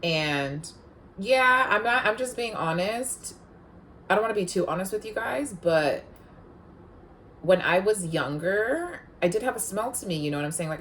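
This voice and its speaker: Woman host, very low voice, casual confessional storytelling, frank and profane. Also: a little hiss or hum. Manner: blunt, frank, swears freely; heated and emphatic when retelling conflict. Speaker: podcast host.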